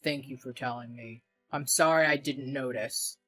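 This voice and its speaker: A woman's voice: extremely low pitch, normal speed, a bit bright, no room sound, soft background music. A woman voicing a protective young husband who speaks in a stern, blunt way. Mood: subdued.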